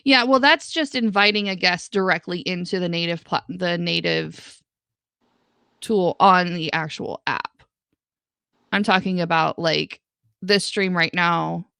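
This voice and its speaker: A woman's voice: fairly low pitch, fairly even intonation, unhurried, vocal fry, pushed and bright, clear, resonant tone, no echo. A woman guest co-hosting a live stream, chatting casually, hedging and laughing often. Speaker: co-host guest. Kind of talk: casual chat.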